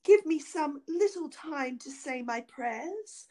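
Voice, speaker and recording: A woman voicing a frightened young noble wife who pleads for her life in a high, anxious voice. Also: lively intonation, takes it slowly, dark tone. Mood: pleading.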